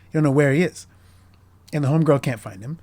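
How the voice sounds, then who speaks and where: A man's voice: on the high side, fast, darkish tone. A man casually discussing a short film as host, earnest and emotionally moved, rambling with many restarts and fillers.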